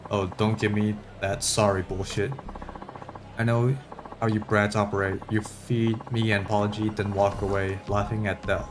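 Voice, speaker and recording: A man's voice: on the low side, flat delivery, normal speed, noisy background, natural voice. A man voicing a drunk, bullying male samurai thug, with crude, snarling delivery over game music. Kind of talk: reading game dialogue aloud.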